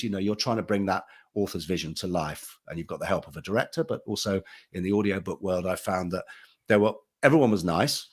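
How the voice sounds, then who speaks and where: A man, an actor and audiobook narrator speaking casually and anecdotally on a panel. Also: fairly low pitch. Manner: conversational, anecdotal, with many restarts.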